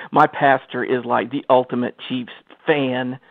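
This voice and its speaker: A man's voice: mid-range voice, level tone, unhurried, creaky, dry recording. A man hosting a radio interview, enthusiastic and laughing easily in casual chat. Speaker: radio show host. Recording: tinny phone line.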